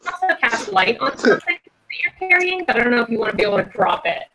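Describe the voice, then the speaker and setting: A woman playing in a tabletop game, talking in a brisk, matter-of-fact way. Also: on the high side, big pitch swings, over music. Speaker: player. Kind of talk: casual tabletop game chat.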